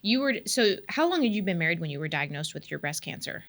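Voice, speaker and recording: A woman's voice: lowish voice, sing-song, quick pace, a bit bright. Supportive woman podcast host. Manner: supportive, affirming, frequent "yeah" backchannel. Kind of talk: casual interview chat.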